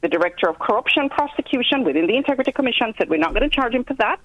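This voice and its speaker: A Jamaican woman, a guest commentator in a phone-in news interview, explaining things step by step with pauses. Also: on the high side, expressive, muffled recording.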